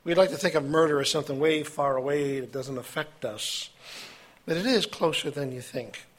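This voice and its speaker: A man preaching a sermon, reading scripture aloud with his own asides and halting now and then. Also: fairly high pitch, a bit bright. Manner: halting, with fillers and self-corrections.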